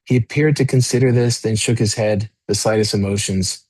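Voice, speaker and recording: A man, an author, reading his own novel aloud in a measured way, then talking freely with many fillers and restarts. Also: on the low side, fairly even intonation, darkish tone, no room sound.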